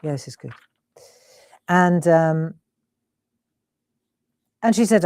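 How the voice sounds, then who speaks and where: A woman's voice: low-pitched, expressive, slow, pauses often, dark tone, dry recording, clean studio sound. A middle-aged woman hosting a live crafting stream, chatting and giggling as she works. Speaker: crafting host.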